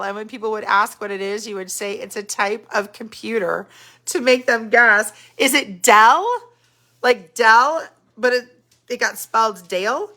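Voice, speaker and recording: A middle-aged woman hosting a relaxed live stream. Her voice rides a little high and bright, with a sweeping, animated pitch. She chats casually, greets viewers by name and muses aloud over their replies. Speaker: podcast host reading live chat comments.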